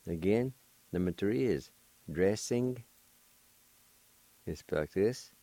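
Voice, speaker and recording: A man hosting a language lesson, patiently spelling and pronouncing each word slowly and more than once, and encouraging his listeners. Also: low voice, lively intonation, mellow, no room sound. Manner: slow, deliberate spelling and repeated pronunciation. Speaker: language teacher and host.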